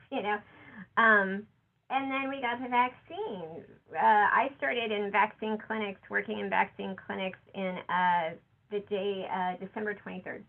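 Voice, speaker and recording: A woman giving a conversational conference talk, acting out quotes from other people. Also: gravelly. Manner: conversational, quotes others with lively shifts in pitch. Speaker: conference speaker. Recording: tinny phone-like audio.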